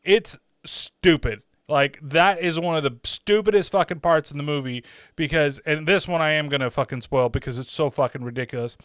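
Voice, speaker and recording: A man's voice: fairly high pitch, normal speed, fairly bright tone, smooth, dry recording, studio quality. A man hosting a casual horror film review, rambling and swearing freely with lots of "like" and "uh" fillers. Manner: rambling, profane, full of fillers like "like" and "uh". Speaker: horror movie reviewer, channel host.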